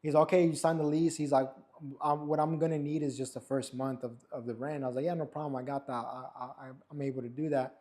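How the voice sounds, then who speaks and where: A man's voice: medium pitch, quick pace. A young man telling a story in a barbershop, casually, and acting out what others said. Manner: animated, acts out quotes of others. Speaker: barber and podcast co-host.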